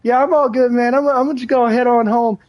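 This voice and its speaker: A man's voice: very high-pitched, steady tone, a little fast, no room sound, lo-fi sound, pitched above the performer's own voice. A man putting on the voice of a jittery, scruffy older man who pleads in a whiny tone. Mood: pleading.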